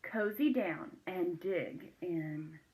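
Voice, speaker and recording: A woman voicing a friendly storybook badger, soft and cozy, offering to share. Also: lowish voice, lively intonation, very slow, heavily acted, low-quality recording. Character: friendly badger sharing snacks.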